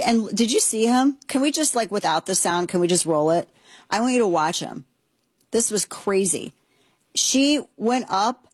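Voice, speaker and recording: Husky, indignant woman commentator. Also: on the low side, dry recording. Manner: indignant, sarcastic, emphatic. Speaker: talk show host. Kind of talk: opinionated commentary.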